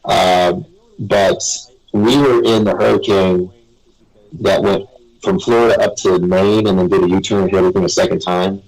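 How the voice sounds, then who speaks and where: Low, gravelly, husky man rambling on. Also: fairly even intonation, normal speed, darkish tone, rough recording. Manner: rambling, chuckles between stories. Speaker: guest. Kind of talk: casual storytelling on a live web radio show.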